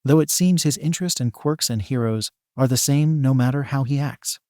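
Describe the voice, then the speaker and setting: A man reading the lines of a shrewd, amused animal school principal in an even, unhurried way, in a dry, close recording. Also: mid-range voice, no echo, natural voice. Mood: knowing. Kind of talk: fan fiction reading.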